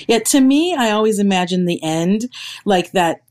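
A woman's voice: medium pitch, animated, moderate pace, darkish tone. A woman in casual podcast chat, playful and loose in her phrasing. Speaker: podcast panelist.

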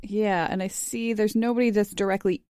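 A woman's voice: medium pitch, steady tone, moderate pace, darkish tone, dry recording, clean studio sound. A woman playing a tabletop game, methodically checking the rules before each move. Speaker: player.

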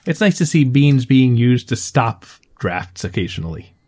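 A male panelist on a word game, musing deliberately over his choice. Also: mid-range voice, very animated, darkish tone.

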